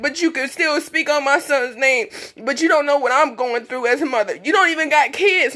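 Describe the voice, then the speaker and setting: In a high, somewhat bright voice, a woman in her twenties livestreams from her phone, crying as she speaks. The emotional personal monologue is blunt, emphatic and repetitive.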